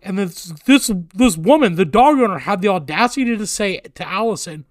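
Man, high-pitched, dry close mic, casual swearing storyteller. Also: moderate pace, few pauses, dry recording. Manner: profane, animated storytelling.

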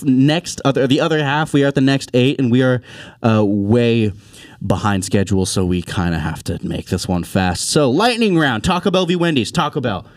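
Animated young man hosting a podcast. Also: mid-range voice, normal speed, no echo, studio quality. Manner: animated, swears freely, tells anecdotes. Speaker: podcast host. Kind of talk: casual chat.

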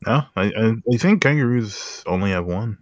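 Young male podcast co-host, giggly, swooping pitch, dry close mic. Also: normal speed, no echo. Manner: laughs often, animated pitch swings. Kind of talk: casual chat.

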